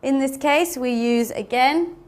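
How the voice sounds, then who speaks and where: Slow, patient woman teaching English. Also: high-pitched. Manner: patient, repeats words and spells them out. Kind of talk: slow classroom explanation.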